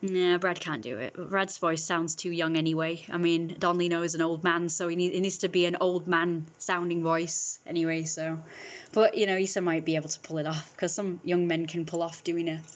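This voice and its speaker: A woman chats loosely with her viewers. She rambles, restarts and fills her talk with "like" and "you know", in a voice pitched a little low. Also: steady tone, normal speed. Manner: rambling, chatty, many fillers and restarts. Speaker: streamer chatting with viewers. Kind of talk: casual chat.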